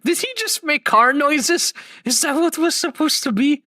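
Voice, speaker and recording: A man hosting a livestream, reacting to clips with expressive, mock-outraged chatter. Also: very high-pitched, measured pace, no echo. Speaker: streamer host.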